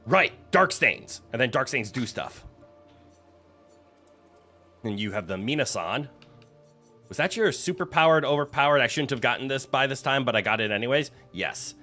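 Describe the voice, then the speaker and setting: A male game streamer talks through his play in a bright, forceful voice, his pitch swinging widely. He chats casually, reads game text aloud and throws in playful exclamations. Faint game music sits beneath him. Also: lively intonation, moderate pace, long pauses. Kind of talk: casual gameplay commentary.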